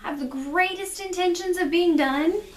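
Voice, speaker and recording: A woman's voice: very high-pitched, moderate pace. A young woman hosting a casual crafting video, chatty and self-deprecating with rambling asides. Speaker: podcast host. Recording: echoey room.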